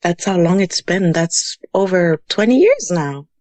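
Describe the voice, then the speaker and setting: Fairly low-pitched and sing-song, this thirtysomething woman from Houston talks at a measured pace in a slightly mellow tone, with no room sound. Appearing as a podcast guest, she tells stories casually, leaning on "you know" and dropping in Spanish words.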